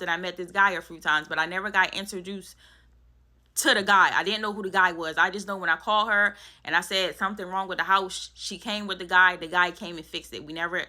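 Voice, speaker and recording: Young woman going off in a storytime vlog, fast and bright, cussing a lot. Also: mid-range voice. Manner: heated, profane, animated retelling. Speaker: vlogger telling a story.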